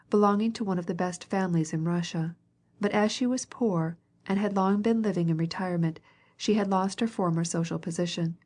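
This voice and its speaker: Mellow-voiced woman reading an audiobook. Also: mid-range voice. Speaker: audiobook narrator. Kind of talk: scripted audiobook narration.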